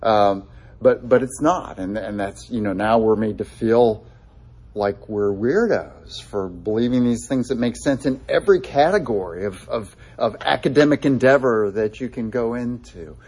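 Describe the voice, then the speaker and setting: A man's voice: medium pitch, animated, moderate pace, darkish tone, breathy edge. A man preaching a sermon in a conversational way, with frequent fillers and restarts, quoting scripture with feeling. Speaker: pastor.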